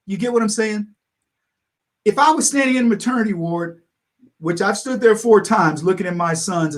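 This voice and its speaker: Animated high-voiced man ranting on a livestream. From United States. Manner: animated, laughs often, acts out imagined dialogue. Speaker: livestream commentator. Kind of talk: casual political commentary monologue. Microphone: livestream microphone.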